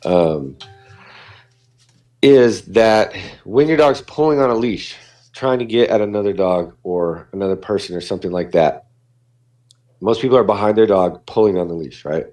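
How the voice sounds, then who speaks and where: A man's voice: lowish voice, moderate pace, dark tone. A man, a dog behaviorist, talking casually on a podcast and acting out what dogs and people say.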